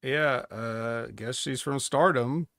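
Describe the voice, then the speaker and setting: A man co-hosting a wrestling podcast, measured and dryly skeptical, reasoning his way through points. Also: medium pitch, creaky, a bit bright, dry recording, clean studio sound. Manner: measured and dryly skeptical, talks himself around. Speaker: podcast co-host. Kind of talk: casual wrestling chat.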